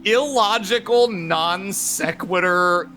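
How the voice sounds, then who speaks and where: A man in casual chat on a stream, with a giggly, drawn-out delivery. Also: high-pitched, bright, forceful tone, soft background music.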